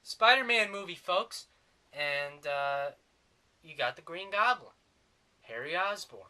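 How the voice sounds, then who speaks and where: Man, movie reviewer, sarcastic rant, slow pace, very bright tone. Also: fairly high pitch, lively intonation. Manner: sarcastic, rambling.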